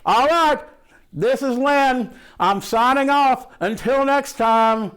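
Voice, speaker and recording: A man's voice: very high voice, takes it slowly, fairly bright tone, clean tone, pitched above the performer's own voice, heavily acted. A man playing a brash, foul-mouthed movie buff in a comic monologue, rambling and loose, full of swearing and "ain't". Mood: excited. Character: brash foul-mouthed man gushing about horror films.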